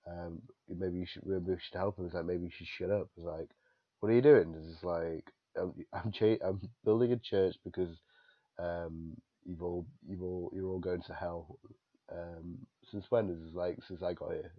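A man's voice: deep voice, level tone, normal speed, no echo, muffled recording. A man co-hosting a podcast, casually retelling cartoon scenes and acting out the quotes. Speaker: podcast co-host. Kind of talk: casual episode review chat.

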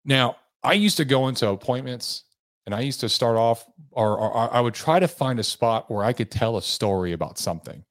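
A man's voice: mid-range voice, expressive, normal speed, no echo, studio quality. A man hosting a sales coaching podcast, talking earnestly and with emphasis. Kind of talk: motivational podcast monologue.

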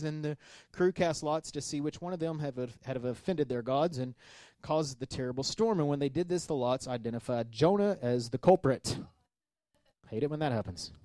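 A man preaching a sermon as pastor, reading scripture and commenting with animated asides. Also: mid-range voice, normal speed, no room sound. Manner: animated, acts out the sailors' voices.

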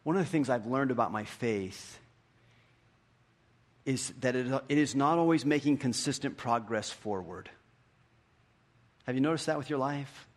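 A pastor in his fifties preaching a sermon, telling stories with animation and dropping to hushed, repeated questions. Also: medium pitch, moderate pace, pauses often. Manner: animated storytelling, swings from hushed questions to lively retellings. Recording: long hall reverb.

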